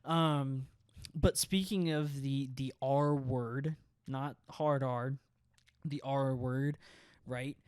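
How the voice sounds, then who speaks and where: A man's voice: mid-range voice, fairly even intonation, very slow, darkish tone, smooth, no echo, studio quality. A young man co-hosting a podcast, talking in a casual, rambling way, swearing often and filling his speech with "like" and "right?". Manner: profane, rambling, filler-heavy with constant "like" and "right?". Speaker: podcast co-host.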